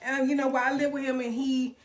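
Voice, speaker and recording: A middle-aged woman with a slightly high voice speaks casually to her live-stream audience. She is emotional and earnest, at times close to tears, and calls her viewers "y'all". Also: flat delivery, fast talker. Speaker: direct-sales business mentor.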